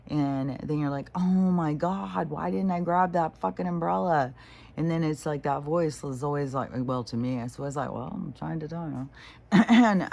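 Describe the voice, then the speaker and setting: A woman's voice: a bass voice, darkish tone. A middle-aged woman talking through a rambling spiritual vlog, full of fillers, restarts and casual swearing. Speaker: spiritual vlogger.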